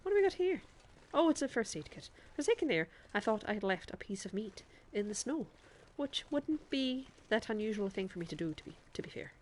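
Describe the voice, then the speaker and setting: A woman's voice: on the high side, sing-song, fairly quick, few pauses, a little mellow. A woman streamer chatting to her viewers in a put-on Irish accent while she plays a game, often laughing as she talks. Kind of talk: live gameplay commentary.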